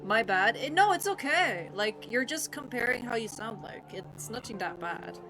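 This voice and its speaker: A woman's voice: on the high side, expressive, normal speed, rough recording. A young Irish woman live-streaming, chatting casually and defensively with viewers, her speech rambling. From Ireland. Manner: rambling, defensive, talks to chat. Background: game music.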